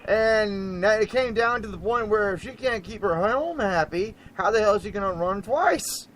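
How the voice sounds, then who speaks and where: A man hosting an internet radio show in casual talk, rambling and animated, laughing often and swinging between loud bursts and hushed asides. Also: sits high, normal speed, a little hiss or hum, rough recording.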